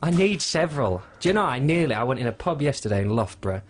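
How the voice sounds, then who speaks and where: A man's voice: mid-range voice, very animated, fast. A man co-hosting a radio show, chatting casually with dry, self-deprecating humour. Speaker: radio co-host.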